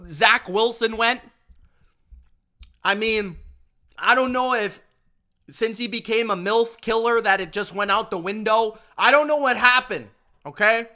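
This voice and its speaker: A man's voice: extremely high pitch, bright, forceful tone. A man hosting a sports review show, ranting emphatically in casual talk, repeating himself and calling listeners bro. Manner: emphatic, repetitive, addresses viewers as bro. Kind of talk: casual opinion rant.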